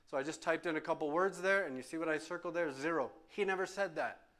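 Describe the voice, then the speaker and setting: Male pastor, slightly high voice, emphatic and repetitive, preaching a Q&A session in church. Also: fast, a bit bright. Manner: emphatic, repeats phrases for stress. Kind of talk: sermon question and answer session. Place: church sanctuary.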